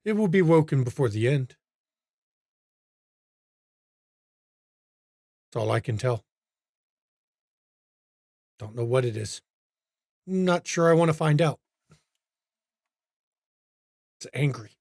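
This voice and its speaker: A man voicing a short, pudgy, balding demon with a heavy German accent, speaking tersely and quietly in cryptic phrases. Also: mid-range voice, lively intonation, normal speed, pauses often, dry recording, studio quality, pitched below the performer's own voice, close to an everyday voice.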